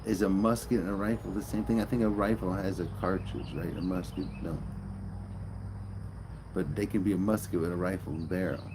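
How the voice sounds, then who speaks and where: A man's voice: sits low, fairly even intonation, fairly quick, noisy background. Rambling, joking man. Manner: joking, rambling, swears freely. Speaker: live streamer. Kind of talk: casual rambling stream chat.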